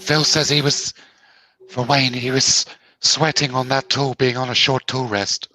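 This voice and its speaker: A man's voice: medium pitch, little pitch movement, measured pace, sharp tone, slight background noise, poor audio. A man co-hosting a live stream, reading out viewer comments and bantering with dry, teasing humour.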